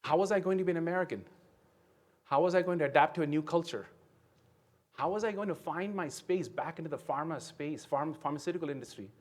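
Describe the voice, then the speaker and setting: A man's voice: on the high side, fast. Earnest man from India giving a keynote. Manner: earnest storytelling with frequent "right?" tag questions. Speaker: keynote speaker. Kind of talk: motivational keynote speech. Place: conference venue.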